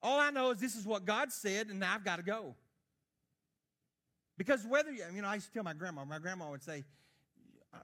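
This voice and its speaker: A man in his fifties preaches with a high, reedy voice. He tells his story earnestly in a sermon, his volume rising into loud bursts and dropping to near-hushed asides. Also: expressive, brisk, long pauses. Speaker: missionary preacher.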